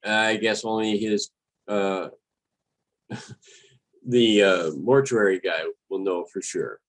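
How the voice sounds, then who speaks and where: A man's voice: on the low side, slow, rough recording. A man hosting a solo podcast, talking casually and hesitantly, with many fillers and self-corrections. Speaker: podcast host.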